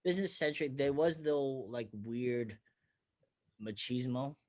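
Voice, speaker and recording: In a mid-range voice at a measured pace, a comedian from Bethlehem, Pennsylvania, USA, trades profane stories in casual podcast conversation. He acts out quotes as he goes.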